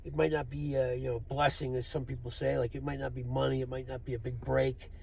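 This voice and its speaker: A man's voice: mid-range voice, flat delivery, fairly quick, vocal fry, a little mellow, breathy edge. A man telling a rambling, profane, wry story in a casual monologue, recorded in a vehicle. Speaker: vlogger.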